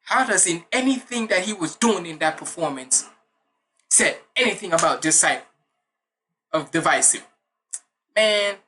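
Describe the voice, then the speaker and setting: A man with Jamaican roots talks straight into his reaction video in a bright, forceful voice. He is blunt and opinionated and drifts into swearing rants. His delivery stays casual and unscripted. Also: fairly high pitch, a little hiss or hum. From Jamaican heritage. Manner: blunt, ranting, swears freely. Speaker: music reaction host.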